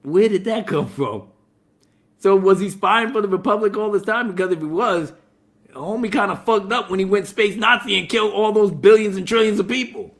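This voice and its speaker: A man giving a casual, profane spoiler movie review, talking in an animated way and laughing often. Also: high-pitched, brisk.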